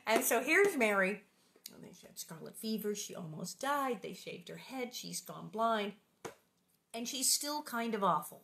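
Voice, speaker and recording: A woman's voice: on the high side, very animated, a little slow, vocal fry, fairly bright tone. A woman reading a children's book aloud and breaking off for playful, joking asides. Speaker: reader and host of the channel.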